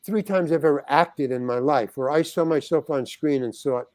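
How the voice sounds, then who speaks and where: An older man speaks as a podcast guest in a fairly high voice, close to a dry mic with no room sound. He tells a rambling, animated story, padding it with fillers and slipping into other people's voices as he goes. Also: moderate pace, no room sound.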